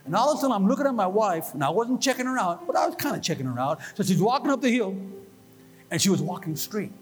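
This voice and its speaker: A man preaching a sermon, telling a personal testimony in an animated storytelling way and building to fervent exhortation. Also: high-pitched, fast. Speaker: pastor. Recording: long reverb with faint music behind.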